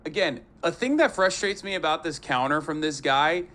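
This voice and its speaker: Man, high-pitched voice, profane, animated, live-stream reaction commentary. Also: normal speed.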